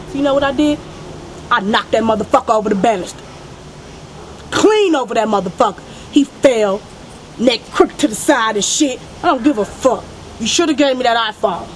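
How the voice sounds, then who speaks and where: A woman's voice: on the high side, a little hiss or hum, natural voice, rough recording. A young woman playing a foul-mouthed, cold young killer who tells her story as a comic confession monologue. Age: young adult. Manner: profane, irritated storytelling. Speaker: student actor in a parody sketch.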